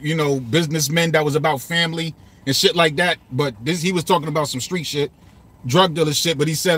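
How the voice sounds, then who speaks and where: A man's voice: on the high side, steady tone, brisk, fairly bright tone, slightly rough. Casual man breaking down lyrics. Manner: loose and repetitive, swearing, quoting lines aloud. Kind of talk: casual commentary.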